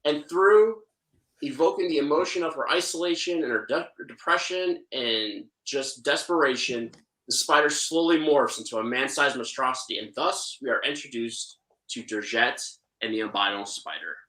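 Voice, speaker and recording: A man recaps a film's plot for a casual podcast with deadpan, mock-serious sarcasm. His voice is bright and sharp, and the room around him rings with noticeable echo. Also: mid-range voice, moderate pace. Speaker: co-host film reviewer.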